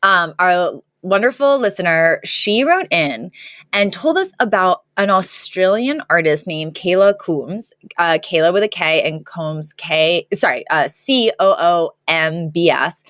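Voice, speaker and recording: A woman's voice: on the low side, expressive, unhurried, a bit bright, dry recording, clean studio sound. A middle-aged woman co-hosting a podcast in casual chat, chatty and laughing often. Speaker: podcast co-host.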